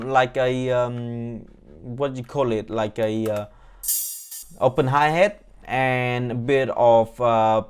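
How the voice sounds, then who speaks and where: A man, a music producer, casually walking through how he built a track, rambling with lots of fillers and playing things down. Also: mid-range voice. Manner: loose and rambling, many fillers, self-deprecating. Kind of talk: casual beat breakdown walkthrough.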